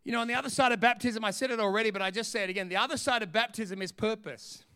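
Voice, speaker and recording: A man's voice: high voice, very fast, bright, forceful tone, clear, resonant tone. A middle-aged Australian man preaching a sermon as pastor, emphatic and fervent.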